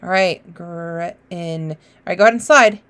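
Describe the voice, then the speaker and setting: A woman teacher giving a children's phonics lesson, encouraging and sounding out letters slowly. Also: medium pitch, fairly bright tone.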